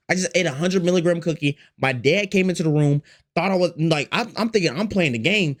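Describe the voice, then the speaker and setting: A man's voice: a little high, fairly quick. A man telling a storytime to his chat in a slangy, profane way, repeating phrases and acting out the quotes. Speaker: storytime vlogger.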